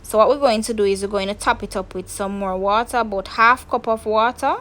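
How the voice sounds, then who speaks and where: Jamaican woman, cooking channel host, casual step-by-step talk, mid-pitched, home kitchen. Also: brisk, a bit bright, poor audio. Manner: chatty step-by-step explaining to viewers.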